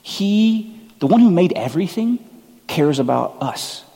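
A man's voice: high-pitched, very animated, measured pace, mellow, big-room sound. A man preaching a sermon as pastor, conversational and earnest, often poking fun at himself. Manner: conversational, earnest, self-deprecating.

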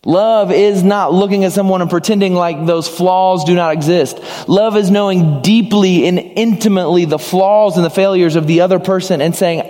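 A man's voice: high voice, moderate pace, few pauses, warm tone, in a large hall. A man preaching a sermon as pastor, earnest, acting out short dialogues as he speaks.

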